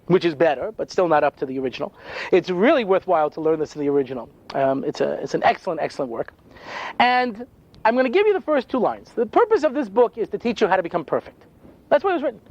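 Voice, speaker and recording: Delivering a comic lecture as a rabbi, an older man spins lively stories with jokes and performed quotes. His voice sits high, and the recording is muffled with no room sound.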